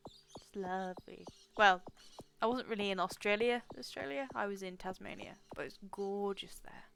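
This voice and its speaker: A woman's voice: medium pitch, normal speed, gravelly, a bit bright. A young woman streams a cozy game and chats her way through it. She talks casually and pokes fun at herself between the game's lines. A faint noise hums under her voice. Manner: chatty, self-deprecating, reads game lines aloud.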